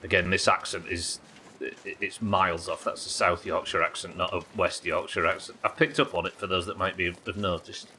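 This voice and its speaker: A man's voice: deep voice, steady tone, brisk, pushed and bright, slight background noise. A man chatting and joking with viewers while playing a game on a live stream, swearing casually as he goes. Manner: chatty, jokey, swears casually, teases chat.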